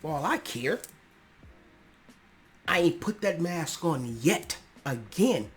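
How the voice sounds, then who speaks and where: Earnest podcast host, passionate and slangy. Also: male voice, a little high, lively intonation, takes it slowly. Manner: earnest, passionate, rising to emphatic outbursts; casual slangy speech with restarts. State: clearing his throat often. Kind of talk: personal monologue on mental health.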